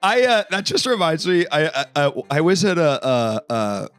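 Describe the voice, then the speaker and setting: A man's voice: a little high, very animated, normal speed, fairly bright tone, clear, resonant tone. A man hosting a call-in talk stream, chatting casually with lots of fillers and restarts. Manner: rambling, many fillers and restarts. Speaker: host. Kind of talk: casual chat.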